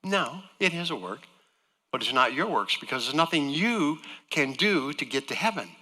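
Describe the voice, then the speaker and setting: A man preaching a sermon as a guest speaker, earnest and swinging between loud emphasis and near-hushed lines. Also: a little high, expressive, normal speed, big-room sound. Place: church sanctuary.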